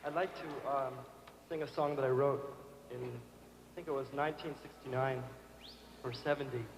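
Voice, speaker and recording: A man's voice: mid-range voice, fairly even intonation, moderate pace, music in the background. A man performing live on stage, coaxing the audience into a sing-along with a childlike manner. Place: large concert hall stage. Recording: live concert hall recording with long reverb.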